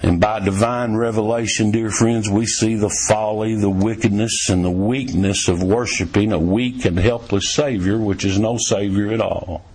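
A preacher man delivers a sermon with a slightly husky, breathy voice. He mixes scripture with homespun stories, rising to emphatic peaks and dropping low for quiet points. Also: fairly even intonation, normal speed, few pauses. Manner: folksy storytelling preaching, swinging from emphatic highs to low quiet lines.

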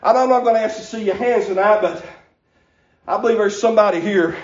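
A male preacher, preaching a revival sermon in church with a rhythmic gasped "hah" after phrases that swells into shouts. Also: sits high, fast talker. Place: church sanctuary. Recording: echoey church, dull lo-fi sound.

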